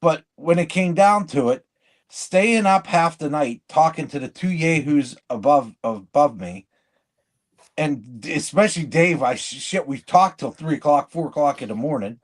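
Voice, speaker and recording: A man with a slightly high voice talks in casual podcast chat. He is blunt and rambling, cutting himself off and restarting mid-sentence. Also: animated, moderate pace. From living in Michigan. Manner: rambling, blunt, self-interrupting. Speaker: podcast co-host.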